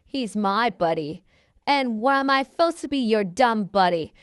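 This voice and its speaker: A woman's voice: fairly high pitch, animated, normal speed, smooth, no room sound, studio quality, close to an everyday voice. A woman voicing a bratty young male troll who sneers and taunts, told as a fan story. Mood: sneering.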